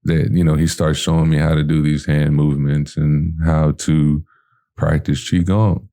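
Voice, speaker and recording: A man's voice: extremely low pitch, moderate pace. A man from telling a personal story in a casual way, acting out the lines of the people in it and using lots of fillers. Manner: animated storyteller who acts out his own and others' lines with fillers.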